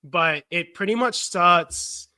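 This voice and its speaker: Bright, chatty Australian man. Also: sits high, slow pace, no echo. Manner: animated, chatty, self-interrupting. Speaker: podcast co-host. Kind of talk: casual chat.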